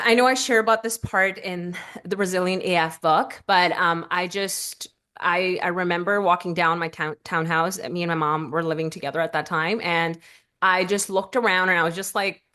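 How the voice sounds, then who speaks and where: A woman's voice: on the low side, a bit bright. Emotional woman telling her story. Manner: halting, with fillers and restarts, voice rising in quoted self-talk. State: tearful at times. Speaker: podcast guest.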